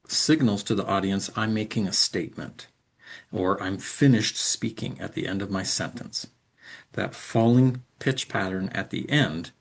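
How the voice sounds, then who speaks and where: Low gravelly-voiced male instructor. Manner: explanatory, frequent ums, demonstrates example sentences aloud. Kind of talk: recorded lecture.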